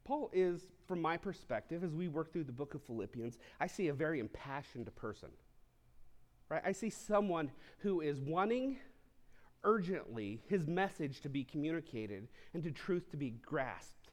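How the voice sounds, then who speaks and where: A man preaches to his congregation, his voice sitting a little high for a man. He teaches through the text in a conversational way, stopping for casual asides and questions to the listeners. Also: lively intonation, moderate pace. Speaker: pastor. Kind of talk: sermon.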